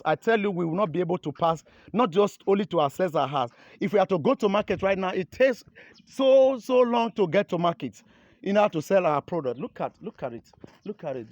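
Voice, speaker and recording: A man's voice: high-pitched, a little mellow, no echo. Urgent Nigerian man pleading outdoors. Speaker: local resident filming his community. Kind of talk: pleading phone video outdoors. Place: outdoors by an eroded road.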